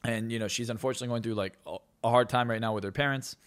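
A man's voice: medium pitch, fairly even intonation, racing, smooth. A man who is a hypnotist and success coach, telling stories in a podcast interview with a boastful, self-assured manner.

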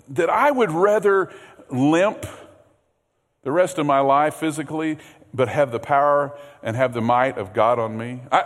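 A man preaching a sermon as pastor, earnest, repeating words, swinging from loud emphasis to hushed low passages. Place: church sanctuary. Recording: long hall reverb.

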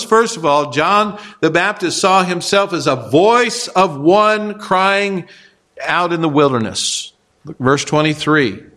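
A pastor preaching a sermon, explaining scripture with rhetorical questions and occasional fillers. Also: male voice, fairly high pitch, a bit bright. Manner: expository preaching with rhetorical questions and acted quotes; frequent fillers and restarts.

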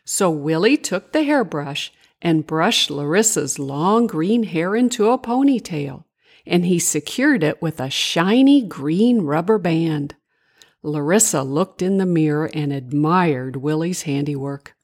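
An older woman reads a children's tale slowly and gently. Her voice rises and falls in wide, lively swings, like a storyteller reading aloud. The telling is soft and unhurried. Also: low voice.

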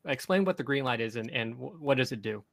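A young man hosting a podcast, telling a fishing story in an excited, rambling way with many restarts. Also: medium pitch, fast, gravelly, poor audio. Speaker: podcast host. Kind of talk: casual storytelling chat.

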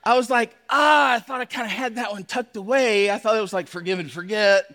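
A man who is a pastor, telling a personal story in a sermon, animated and acting out his own shouts. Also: high-pitched, fairly quick. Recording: long hall reverb.

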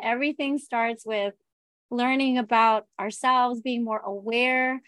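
Chatty high-voiced woman co-host. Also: takes it slowly, pauses often, a bit bright, dry recording. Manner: chatty, lots of fillers like "like" and "right". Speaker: podcast co-host. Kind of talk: casual chat.

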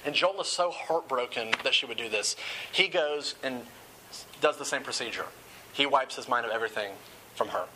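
Bright-voiced man preaching a sermon. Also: mid-range voice, moderate pace, slight background noise, rough recording. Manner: earnest and conversational, with casual asides. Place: room with a live audience.

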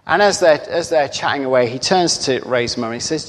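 A man preaching a sermon, telling a story slowly and earnestly, sometimes dropping to near-whispers. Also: a little high, expressive. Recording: long hall reverb.

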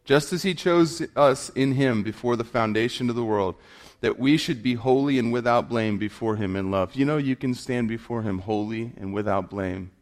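A man preaching, mid-pitched and conversational. He tells stories with humor and drops to a hush for effect. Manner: storytelling with humor, quick shifts from loud to hushed. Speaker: pastor. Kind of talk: sermon.

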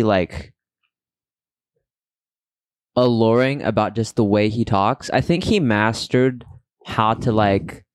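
A man's voice: medium pitch, dry recording. A young man co-hosting a podcast in casual chat, rambling and hesitant. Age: young adult. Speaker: podcast co-host.

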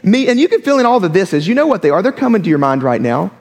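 A man preaching with a high, swooping voice that climbs and drops all over the place. He keeps it conversational and slips in joking asides. A long reverb trails every phrase, as if he is speaking in a big church hall. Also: fast. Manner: animated and conversational, with humorous asides. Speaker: pastor. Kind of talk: sermon.

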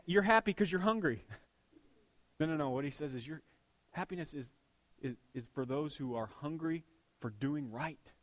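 A middle-aged man preaching a sermon, swinging between loud bursts and hushed asides, with a dad's jokes about his daughter. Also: a little high. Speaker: pastor.

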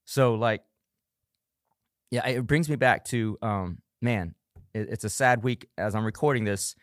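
A middle-aged man, a coach and parent, hosts a solo motivational podcast in clean studio sound with no room sound. His voice sits on the low side and moves a little slowly, earnest, with emphatic bursts where he acts out harsh self-talk.

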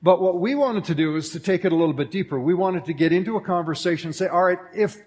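A man's voice: high-pitched, quick pace. A man preaching at a church service, bantering with a co-pastor and calling out jokingly to the congregation. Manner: jokey, loud call-outs to the congregation. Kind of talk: sermon with banter. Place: church auditorium. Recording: long hall reverb in a church.

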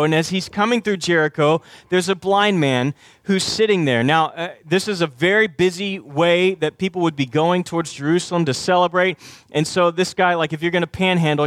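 Pastor preaching in a dry, close sound. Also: male voice, high-pitched, fairly bright tone, no echo. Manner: conversational preaching with dramatic quoted voices. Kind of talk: sermon.

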